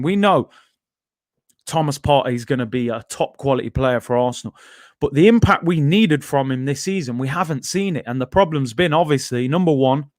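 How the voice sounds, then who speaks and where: An Englishman with a fairly high voice hosts a casual football live stream, chatting loosely with plenty of fillers and asides as he reads viewer comments. The recording is dry with clean studio sound.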